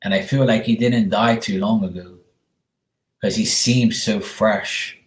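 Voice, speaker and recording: A man's voice: lowish voice, fairly even intonation, a little slow. A man, working as a medium and giving a casual, reassuring reading to a viewer, often calling her sweetheart. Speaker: psychic medium. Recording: echoey room.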